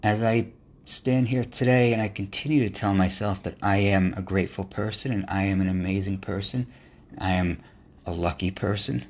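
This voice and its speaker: A man's voice: low-pitched, moderate pace, a little mellow. A man hosting a motivational podcast, speaking in an earnest, encouraging monologue. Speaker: podcast host.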